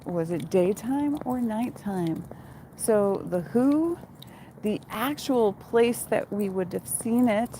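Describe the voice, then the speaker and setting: A woman's voice: mid-range voice, mellow, a little hiss or hum, poor audio. A woman talking casually while walking her dog outdoors at night, chatty and swearing now and then, recorded on a phone. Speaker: vlogger and former TV costumer. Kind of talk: casual chat while walking dog, reading viewer questions. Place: outdoors on a town street at night.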